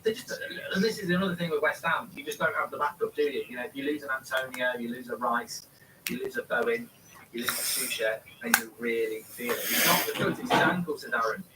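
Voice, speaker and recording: A man hosts a relaxed live watchalong, drifting from thought to thought as he reads viewer questions aloud. He sits well back from the microphone. A steady hiss of background noise runs under his voice. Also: mid-range voice, quick pace, distant mic. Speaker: live-stream host. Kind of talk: casual match watchalong chat.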